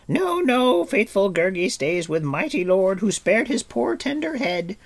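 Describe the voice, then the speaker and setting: A man voicing a humble, eager male creature who speaks in a high, fawning, pleading tone. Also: very animated, measured pace, heavily acted.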